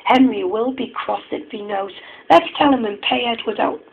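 A man's voice: extremely high pitch, moderate pace, creaky, narrow, tinny audio, voice pushed up. A man voicing a gang of rude, mocking goods trucks in a storybook reading. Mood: gleeful scheming. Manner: sniggering, plotting.

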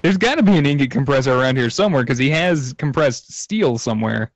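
A man's voice: medium pitch, animated, fast, dry recording. A man casually chatting while playing a game, laid-back, with frequent ums and laughs. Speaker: let's play co-player. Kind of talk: casual gaming banter. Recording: slightly dull lo-fi mic.

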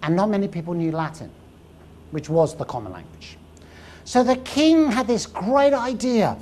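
A woman's voice: medium pitch, normal speed, a little hiss or hum. A woman giving a live lecture, telling history as a story and quizzing the audience. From England. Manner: lively storytelling, asks the audience questions. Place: lecture room.

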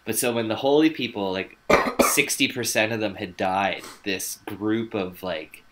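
A man's voice: lowish voice, measured pace, a bit bright. A man co-hosting a podcast, telling a story in a loose, rambling way with frequent swearing and filler words. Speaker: podcast co-host. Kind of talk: casual chat, telling a researched story.

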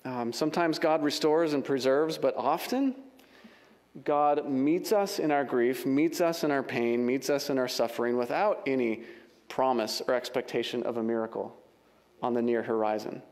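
A man's voice: medium pitch, moderate pace, a little mellow. A male pastor delivering a sermon with passion, stacking repeated phrases into building lists. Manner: impassioned, repeats phrases for emphasis.

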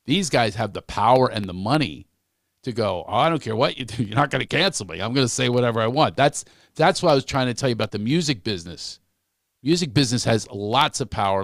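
A man's voice: mid-range voice, dry recording, studio quality. A man who is a comedian guest, ranting animatedly and repeating words when fired up. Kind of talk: animated podcast conversation.

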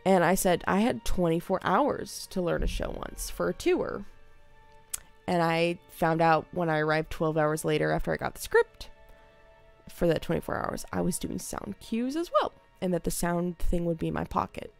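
While gaming at home on stream, a young adult woman animatedly shares stories from teaching theater, her voice falling to a whisper whenever she quotes a child. She speaks on the low side at a moderate pace, gravelly, with faint music behind.

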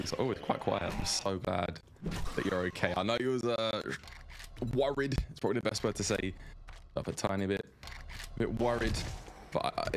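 Chatty man streaming a game, low voice. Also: gravelly, background noise. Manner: rambling, chatty, greets viewers by name. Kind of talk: live gameplay commentary.

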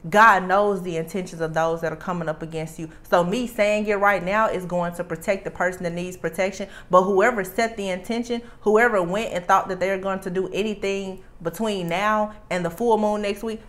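A woman's voice: mid-range voice, fairly even intonation, moderate pace, hardly any pauses, a bit bright. A woman with a Southern US accent giving a tarot reading, speaking emphatically and repeating her warnings. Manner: emphatic, repeats warnings, drawls "I'm telling you". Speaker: tarot reader. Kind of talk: channelled tarot reading to camera.

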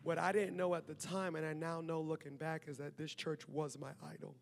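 A man preaching a sermon as pastor, lively and talkative, with asides to the congregation and laughter. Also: on the high side, brisk, gravelly, long reverb tail. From Maryland. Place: church auditorium.

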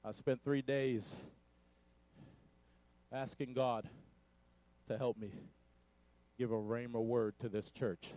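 A man preaching a Pentecostal sermon, shouting in call-and-response and dropping to quiet asides. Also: mid-range voice, fairly even intonation, slow, pauses often, no room sound. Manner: breathless, drops to quiet asides. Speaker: pastor.

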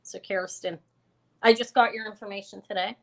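A woman's voice: mid-range voice, steady tone, moderate pace, a bit bright. A woman hosting a live online jewelry auction, chatting casually and rambling with fillers and self-corrections. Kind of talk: casual live-stream selling chat.

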